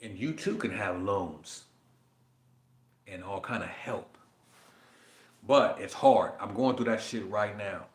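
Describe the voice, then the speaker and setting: A male podcast host talks casually and profanely, reading definitions aloud and riffing animatedly between them. His voice is on the low side and slow, with long pauses, in an echoey room.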